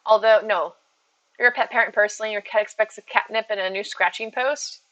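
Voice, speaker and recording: Woman streamer, bright tone, easy casual chatter aimed at viewers. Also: mid-range voice, fairly even intonation, brisk, poor audio. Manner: chatty, reads out and answers viewer messages. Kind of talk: casual live-stream chat. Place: at home with her cats.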